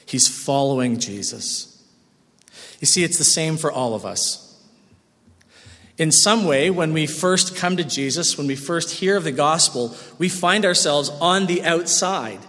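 High-voiced pastor in reverberant church. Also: male voice. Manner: expressive preaching with wide swings in loudness. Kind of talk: sermon. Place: church sanctuary.

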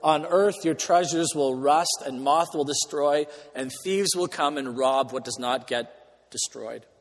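A man preaching a sermon as pastor, earnest with dry humorous asides, slowing down and lifting his voice to stress key words. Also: fairly high pitch. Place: church sanctuary. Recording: long church hall reverb.

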